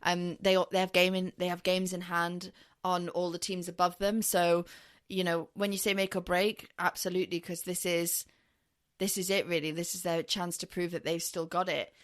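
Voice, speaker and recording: A woman's voice: lowish voice, moderate pace. Chatty young woman co-host. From northeast England. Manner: chatty, animated, playful. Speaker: podcast co-host. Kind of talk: casual sports chat.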